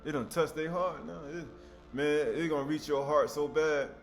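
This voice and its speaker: Man preaching a lively, conversational sermon. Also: on the high side, moderate pace, faint music behind. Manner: animated, conversational preaching with vocal outbursts.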